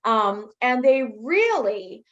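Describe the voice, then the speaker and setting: A woman training others in infection prevention, answering a webinar question as an enthusiastic, animated storyteller. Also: a little high, slow, muffled recording.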